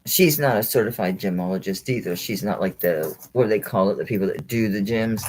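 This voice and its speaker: A woman's voice: extremely low pitch, fairly quick, hardly any pauses, a little mellow, slight background noise, rough recording. A woman hosting a live jewelry sale stream, rambling chattily, thinking aloud, laughing often and talking to viewers by name. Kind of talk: casual live-stream selling chat.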